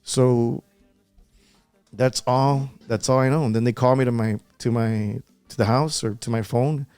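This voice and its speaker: A man's voice: medium pitch, fairly even intonation, measured pace, darkish tone, smooth, dry recording, soft background music. Earnest man retelling a loss. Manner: earnest, repeats himself as he recalls. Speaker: guest. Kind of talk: emotional podcast interview.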